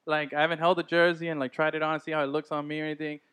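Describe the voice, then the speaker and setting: A fast-talking man riffing through casual sports chat on his podcast, excitable and quick to swear. His voice sits a little higher than most men's, and he rarely slows down. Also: clear, resonant tone. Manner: excitable, swears, laughs often. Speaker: podcast co-host.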